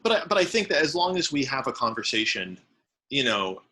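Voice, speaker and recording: A man's voice: medium pitch, very animated, fairly quick, pushed and bright, a little hiss or hum, rough recording. A man speaking as a player in an out-of-game group discussion, earnest and reassuring.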